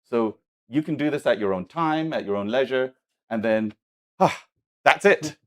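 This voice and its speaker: A man presenting software to a festival audience, hurried and halting with many restarts. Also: mid-range voice, expressive. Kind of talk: live product demo talk.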